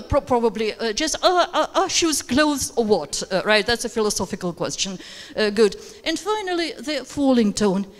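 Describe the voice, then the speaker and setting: A woman with as her leading a live workshop for teachers, hesitant with many fillers and coaxing participants to take turns. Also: on the high side. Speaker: teacher trainer. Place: conference room with audience. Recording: reverberant hall recording.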